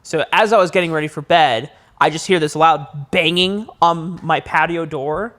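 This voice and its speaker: A young man, a podcast co-host, telling a long story in casual chat, his voice jumping high when he acts out his own panic. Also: moderate pace. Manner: animated storyteller, rises high acting out panic.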